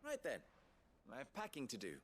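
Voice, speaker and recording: An actor voicing a composed, theatrical man in a video game, speaking in a measured, formal way. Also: mid-range voice, wildly swooping pitch, fairly bright tone, slight background noise. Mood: polite. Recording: faint game music behind.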